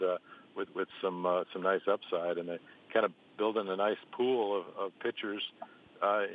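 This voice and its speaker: A man reporting on baseball over the phone, talking in halting bursts with many fillers and restarts. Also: low voice. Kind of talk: phone interview. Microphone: phone line. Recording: tinny phone line with faint hiss.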